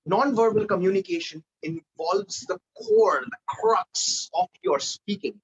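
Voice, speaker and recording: A man leading a live online public speaking training, energetic and animated, swinging between loud and soft for emphasis. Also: high voice, unhurried, muffled recording, slight background noise.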